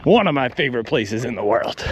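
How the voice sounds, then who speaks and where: A man's voice: mid-range voice, expressive, fairly quick, background noise. A man vlogging outdoors while out on a run, talking in wry, ranting asides between strides. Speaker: running vlogger. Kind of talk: casual vlog monologue while running.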